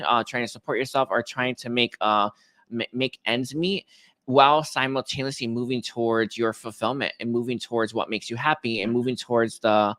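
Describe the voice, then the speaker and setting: A man giving a casual tarot reading, rambling and hesitant, with many restarts and soft laughs. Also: medium pitch, no room sound, clean studio sound. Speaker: tarot reader.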